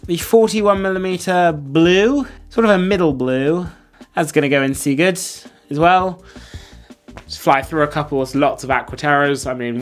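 A man hosting a casual watch ranking video, who talks in blunt, slangy, enthusiastic bursts with plenty of fillers. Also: on the high side. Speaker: host.

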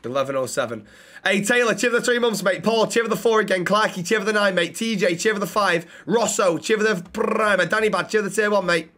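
A man with a high, light voice streams a role-play game live. He swears constantly as he plays. Between moves he rattles off quick thanks to his viewers. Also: bright, forceful tone. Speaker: livestreamer.

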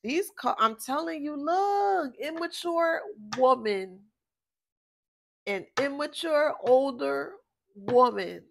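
With slight background noise behind her, a Philadelphia tarot reader talks in a fairly high, creaky voice. Her casual spiritual reading is blunt, exasperated and full of profanity, and she keeps straying off topic.

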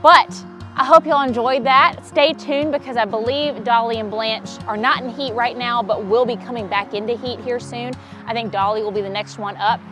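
Guitar music plays behind this roomy outdoor recording of a donkey-farm vlogger chatting in a pasture. She gushes and laughs often, speaking at normal speed in a steady, higher-pitched voice.

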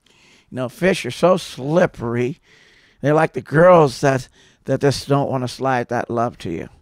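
A man talking in a casual, rambling monologue, telling stories with many restarts and growing louder when aggrieved. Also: mid-range voice, measured pace, dry recording, clean studio sound. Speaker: podcast subject telling stories.

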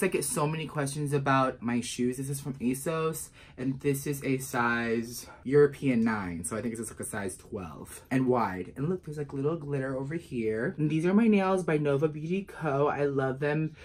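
A man talking casually to the camera for his vlog, chatty and bursting into excited outbursts now and then. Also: medium pitch. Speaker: vlogger. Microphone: lapel mic. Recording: noisy background ambience.

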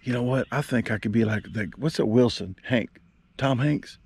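Gravelly man vlogging on a lake. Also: mid-range voice, normal speed. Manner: rambling, joking, talks straight to the camera. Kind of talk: casual fishing vlog chat. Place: small boat on a lake outdoors. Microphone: action camera.

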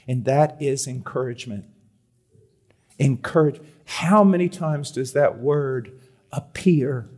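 A middle-aged man preaching a sermon at a conference, moving between loud emphatic reading and soft, hushed pleading. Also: mid-range voice, takes it slowly. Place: conference hall.

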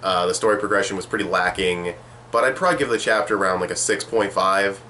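Young man, low voice, bright edge, rambling, sarcastic, casual review. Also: fast, slight background noise. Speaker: manga reviewer.

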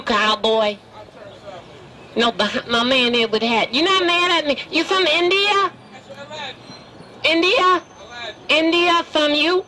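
A man's voice: very high-pitched, bright, forceful tone, exaggerated voice. A man voicing a cheeky, streetwise wooden dummy, teasing strangers on a busy city street. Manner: brash, flirty, wisecracking. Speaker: ventriloquist's dummy. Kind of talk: street comedy teasing passersby. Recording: street crowd noise behind.

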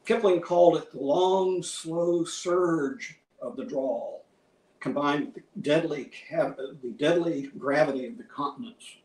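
A man giving a museum lecture in a measured, scholarly way, citing many quotations. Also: fairly high pitch, a little mellow. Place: lecture hall. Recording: roomy hall, from a distance.

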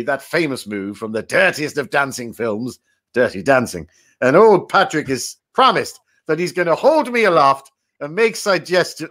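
A man's voice: a little high, a bit bright. A man playing a jovial, rambling game-show host who is dead and in heaven, hosting a comic improvised quiz. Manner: chummy, rambling, self-mocking banter.

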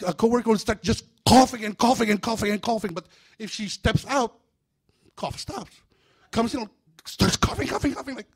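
A man preaching a sermon in a church, animated and humorous, breaking into acted-out voices. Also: sits high, slightly rough. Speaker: pastor.

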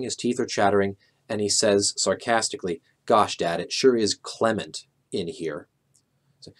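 A middle-aged man calmly and methodically explaining a memory technique, walking through his own examples step by step. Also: lowish voice. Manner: calm, methodical, a few filler "uh"s.

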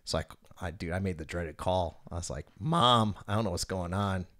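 A man with a fairly low voice hosts a casual podcast. He tells long, profanity-laced stories, slipping into the voices of the people in them. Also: fairly even intonation, fairly quick. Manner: profane storyteller, acts out quotes, laughs often. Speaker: podcast host.

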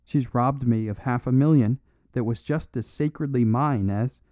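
A man voicing a tall, ranting male sun-cult prophet, loud and blustering, on a dry, phone-like recording. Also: medium pitch, moderate pace, dry recording, close to an everyday voice. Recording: dry phone-like narrow sound.

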